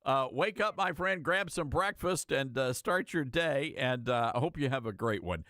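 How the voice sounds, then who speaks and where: A man's voice: mid-range voice, animated, moderate pace, hardly any pauses, pushed and bright, no echo, clean studio sound. Friendly male radio talk host. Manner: folksy, friendly, conversational.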